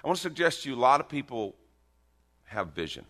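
A man preaching a sermon, emphatic and lively, swinging from soft, hushed moments to loud declarations with joking asides. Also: medium pitch, fast. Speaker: pastor.

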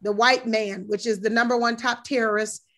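A woman talking as a guest in casual chat, emphatic and animated, with mocking asides. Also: on the high side, normal speed. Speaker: yoga instructor.

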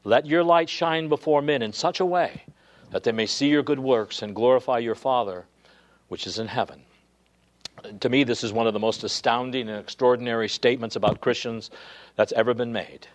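Man, pastor, sermon, emphatic preaching, mid-pitched voice. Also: normal speed. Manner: preaching with swelling emphasis, dropping to near-whisper at times.

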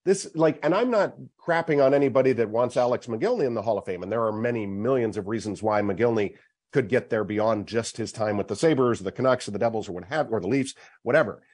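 A man's voice: medium pitch, quick pace, a little mellow, husky. A middle-aged man hosting a sports talk show, making his case emphatically and at length.

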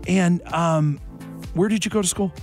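Animated male morning radio host. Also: high-pitched, soft background music. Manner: animated, joking, quick asides. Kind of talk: casual radio chat.

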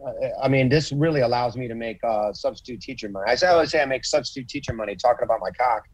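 A man chatting on a podcast, telling stories with swearing and lively acted-out quotes. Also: mid-range voice, very fast, no room sound, poor audio. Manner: profane, animated storytelling with acted quotes. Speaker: comedian guest. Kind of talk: casual podcast chat.

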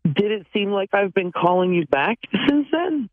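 A woman's voice: medium pitch, sing-song, moderate pace, no echo. A woman calling in to a radio show, talking bluntly and sounding exasperated. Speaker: radio caller. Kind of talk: phone-in radio chat. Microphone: telephone. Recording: tinny phone line.

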